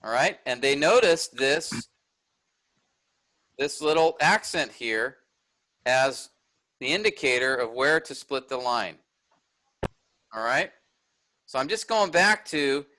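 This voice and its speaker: A man's voice: fairly high pitch, expressive, slow, long pauses, sharp tone. A middle-aged man teaching a class, explaining step by step and often checking in with "all right?". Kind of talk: recorded lecture with screen sharing.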